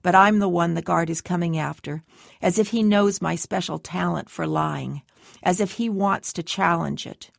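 A woman narrates a first-person story in a low, heavily gravelly voice. Her reading is close and dry, and she lightly shades the voices in the dialogue. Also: normal speed, no echo. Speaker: audiobook narrator.

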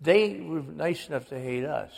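A gravelly man in his sixties from the American South, telling family stories with relish as a radio interview guest. His voice sits a little high for a man and carries a long reverb. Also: normal speed. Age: 60s. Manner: animated storyteller, slips into quoted voices. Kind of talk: storytelling interview.

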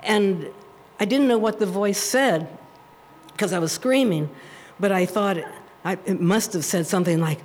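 A woman telling a true personal story at a live storytelling event, animated and often laughing as she talks. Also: on the high side, moderate pace, a little hiss or hum.

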